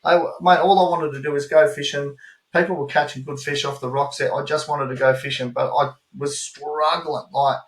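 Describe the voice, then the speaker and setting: A man with an Australian accent co-hosting a podcast, telling animated travel stories in casual chat and swearing freely. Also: fairly high pitch, moderate pace. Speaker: podcast co-host. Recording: roomy echo.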